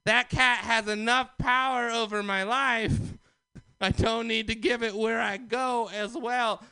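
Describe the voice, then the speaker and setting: A man doing a loud, manic stand-up set at an open mic, ranting about conspiracies. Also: extremely high pitch, steady tone, a little slow, clean tone, dry recording. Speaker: stand-up comedian.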